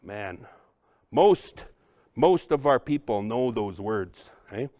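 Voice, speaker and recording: An energetic man leads a workshop, teasing and coaching his listeners as he goes. He speaks at a middle pitch. The sound is dry and close, with no room echo. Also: slow, dull audio. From Upper Midwest, United States. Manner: energetic, joking, addresses the crowd as folks. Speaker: cultural trainer. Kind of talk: lively workshop presentation.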